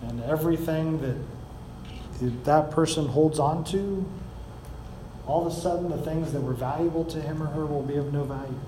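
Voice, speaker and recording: A man's voice: a little high, normal speed, noisy background. Man preaching in an echoey hall. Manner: expository preaching, reads scripture aloud with rising emphasis. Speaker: pastor. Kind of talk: sermon.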